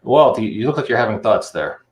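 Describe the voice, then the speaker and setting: Fast-talking, hesitant man hosting. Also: fairly low pitch, sing-song. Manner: hesitant, many fillers and restarts. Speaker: podcast host. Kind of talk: casual chat.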